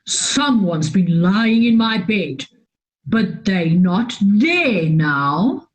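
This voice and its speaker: A woman voicing a big gruff father bear in a storybook reading, with a low growl. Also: big pitch swings, extremely slow, low-quality recording.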